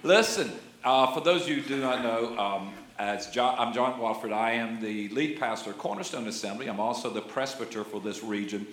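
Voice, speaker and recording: A man's voice: mid-range voice, moderate pace, hardly any pauses, fairly bright tone, slight background noise. A man in his sixties preaching a sermon as a pastor, folksy and conversational, with jokes and frequent amens. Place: church sanctuary. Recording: roomy church echo.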